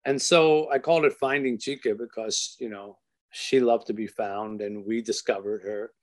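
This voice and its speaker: An older man, an author, telling a personal story in an earnest, halting way, with many restarts and soft trailing phrases. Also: fairly low pitch, steady tone.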